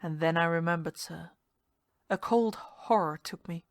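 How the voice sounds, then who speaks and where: A woman narrating a ghost story in a measured, hushed storytelling manner. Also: on the low side, no room sound, studio quality. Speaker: story reader.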